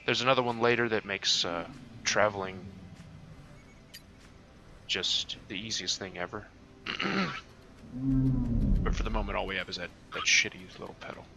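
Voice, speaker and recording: Young male gaming host, low-pitched, rambling and offhand, throat-clearing, noisy home mic. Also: unhurried, long pauses. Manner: rambling, offhand, swears casually, many fillers. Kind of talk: casual gameplay commentary.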